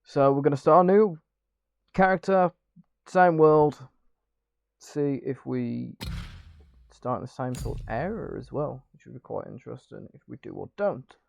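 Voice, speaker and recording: Male streamer, slightly croaky, gravelly, casual let's-play read-through, dull lo-fi mic, faint music underneath. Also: mid-range voice, lively intonation, unhurried, long pauses, darkish tone, no room sound. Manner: chatty, reads narration with small slips and restarts. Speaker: gaming streamer. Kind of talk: casual let's-play commentary, reading game text aloud.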